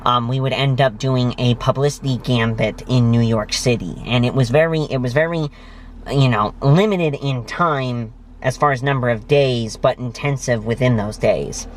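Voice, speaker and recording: A man with a mid-range voice hosts his own vlog, telling stories casually to the camera at normal speed with hardly any pauses. He's enthusiastic and effusive, heavy on praise words, and there's slight background noise.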